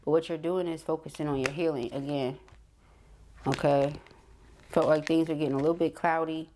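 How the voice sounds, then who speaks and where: A woman's voice: sits low, steady tone, normal speed, darkish tone, slight background noise. A woman giving a tarot reading, reading card messages aloud and checking in with the listener with frequent "okay?" asides. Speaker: tarot reader.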